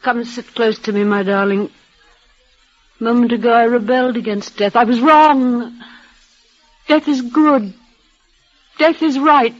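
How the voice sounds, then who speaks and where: A frail dying young woman, halting and breathless, 1940s radio drama, muffled old broadcast sound. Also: fairly high pitch. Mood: resigned. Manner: breathless, halting, emotional, full of restarts.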